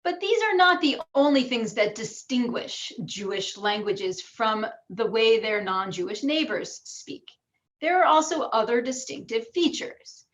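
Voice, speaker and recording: An American woman with some New York vowels giving an academic lecture with slides, explaining clearly and demonstrating pronunciations aloud. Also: on the high side, sing-song, unhurried, fairly bright tone. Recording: dull lo-fi recording.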